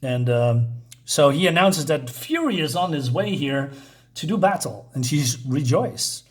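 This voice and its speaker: A man talks through a comic book review in a loose, rambling way, stopping often on fillers as he sums up the story. His voice sits a little high for a man. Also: animated, unhurried. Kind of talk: casual video review.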